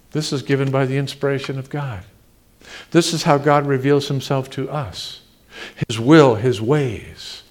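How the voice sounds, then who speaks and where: A man delivering a sermon as pastor, in an ordinary mid-pitched voice. He preaches with emphasis and grows louder and higher when he reads scripture aloud, then drops back to plain explaining. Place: church sanctuary.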